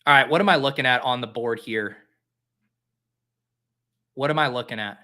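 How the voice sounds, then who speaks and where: A man's voice: medium pitch, moderate pace, pushed and bright. A man hosting a fantasy football show, talking casually and mocking himself as he drafts live and talks to his viewers.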